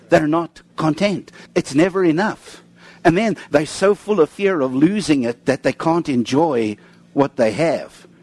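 A man's voice: a little mellow, husky, no echo. A man preaching a sermon, telling a story of talking with God and then reading scripture aloud, stressing key words and dropping his voice at the ends of phrases. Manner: emphatic, drops pitch at phrase ends; storytelling, quotes God in dialogue.

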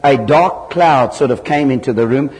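A man from southern Africa preaching a sermon, telling stories with lively jumps in pitch. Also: normal speed. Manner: animated storytelling with sudden loud jumps in pitch. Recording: hall reverb.

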